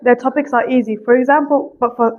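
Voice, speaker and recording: A young woman with a British accent touched by American speaks quickly and frankly in a fairly high voice. She answers like a teacher, chatty and full of "like"s. The audio sounds dull and lo-fi. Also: steady tone. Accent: British, with some American. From England. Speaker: English teacher. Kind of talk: casual interview answers. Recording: muffled lo-fi audio.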